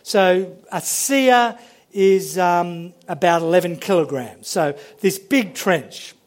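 A man preaching a sermon and reading scripture aloud, animated, often repeating words as he builds a point. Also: high voice, slow pace.

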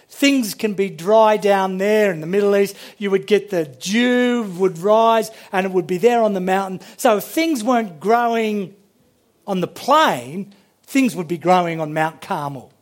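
High-voiced man preaching animatedly. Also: a little slow. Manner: animated, repeats words, acts out voices. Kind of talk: sermon with Bible reading.

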